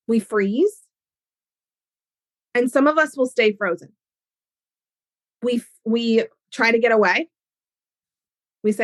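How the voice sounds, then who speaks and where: A woman hosting an educational podcast, explaining ideas in an animated way with everyday examples. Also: mid-range voice, unhurried, pauses often, no echo. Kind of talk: teaching talk on a podcast.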